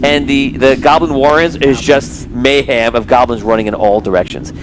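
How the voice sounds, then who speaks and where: A man's voice: medium pitch, fairly even intonation, normal speed, background noise. A man narrating a tabletop game as game master on a live stream, rambling with many restarts.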